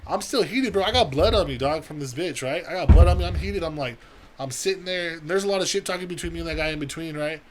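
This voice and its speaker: A young man spins a profane story on a podcast at a rapid clip, his voice pitched a touch high. He acts out every line of dialogue himself. A faint hum of room sound sits underneath. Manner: profane, animated storytelling with acted-out quotes. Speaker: podcast co-host. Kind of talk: casual storytelling.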